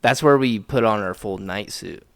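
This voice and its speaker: Gravelly young man riffing on a podcast. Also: fairly low pitch, moderate pace, fairly bright tone, no echo. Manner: laughing, playfully questioning, rambling. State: intoxicated. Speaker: podcast co-host. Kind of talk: casual chat.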